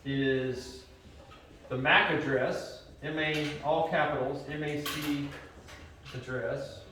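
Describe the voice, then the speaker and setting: A man's voice: a little high, steady tone, takes it slowly, pushed and bright, far from the mic, slight background noise. Male teacher lecturing in echoey classroom. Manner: casual and conversational, with many fillers. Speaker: computer science teacher.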